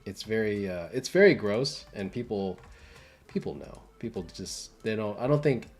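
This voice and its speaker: A man's voice: fairly low pitch, expressive, moderate pace. A young adult man talking casually on a livestream, rambling with many fillers and restarts. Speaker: livestream host and entertainment designer.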